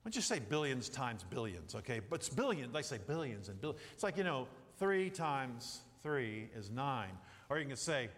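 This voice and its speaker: A man's voice: mid-range voice, big pitch swings, moderate pace, hardly any pauses, a bit bright. A middle-aged man preaching a sermon in a church, rambling with jokey asides and acted-out quotes. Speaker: pastor. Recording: hall reverb.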